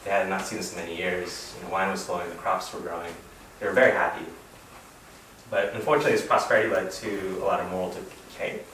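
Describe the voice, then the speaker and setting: A man's voice: deep voice, steady tone, quick pace, fairly bright tone. A man in his thirties from Reno giving a casual sermon-style talk, rambling with many fillers. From Reno, Nevada, US. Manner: rambling, full of "you know" and "like". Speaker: fellowship speaker. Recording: echoey room, distant mic, background noise.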